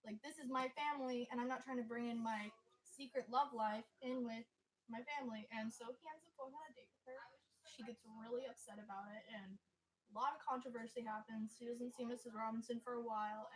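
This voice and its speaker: A teenage girl, a high school senior, chatting as an interview guest and retelling a film scene by scene with plenty of "like" fillers. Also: fairly quick, poor audio. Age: teens. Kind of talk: casual chat.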